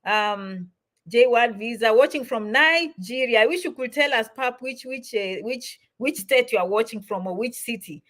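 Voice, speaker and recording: A woman in middle age answers viewer comments on a livestream. Her voice sits a little high, and she talks in an emphatic, encouraging way, repeating words for weight. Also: normal speed, a bit bright. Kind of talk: livestream Q&A chat.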